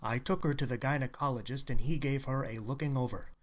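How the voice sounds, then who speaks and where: A man's voice: mid-range voice, brisk. A man telling a dirty joke as a first-person story, in a plain, matter-of-fact way. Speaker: joke teller.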